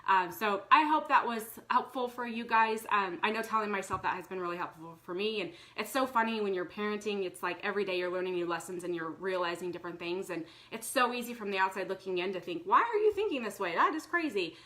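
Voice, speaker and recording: Bright-voiced woman chatting earnestly. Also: mid-range voice, fast, few pauses. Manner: earnest and chatty, with many fillers. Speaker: vlogger. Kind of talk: casual live talk to viewers.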